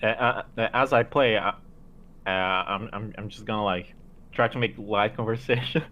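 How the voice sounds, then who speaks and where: A man's voice: lowish voice, moderate pace, bright, forceful tone. A man playing a bard in a tabletop game, hesitant and stammering, with a joking manner. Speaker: player.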